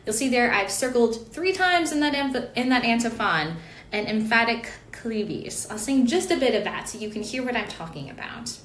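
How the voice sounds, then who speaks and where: A woman's voice: fairly high pitch, animated, moderate pace, a bit bright, roomy sound. Woman teaching chant notation, talks it through with ums and asides, faint hiss behind. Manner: explanatory, with fillers and asides. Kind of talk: online lesson on chant notation.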